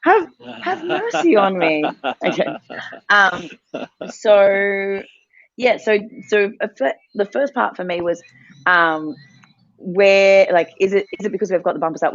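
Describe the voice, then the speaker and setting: A woman's voice: fairly low pitch, no echo, dull audio. A woman co-hosting a morning mindset session, telling a family story in a chatty, rambling way and laughing often. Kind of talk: casual chat, storytelling.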